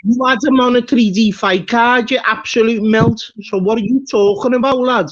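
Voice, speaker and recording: A man's voice: very high voice, steady tone, normal speed. A man, taunting someone scornfully in a heated live-stream argument. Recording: dull lo-fi stream audio.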